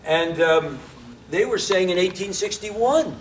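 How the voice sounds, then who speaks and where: Though animated, this high-pitched man speaks unhurriedly, and there's a little hiss or hum. Giving an informal history lecture to an audience present, he keeps posing questions to them and becomes impassioned about his points.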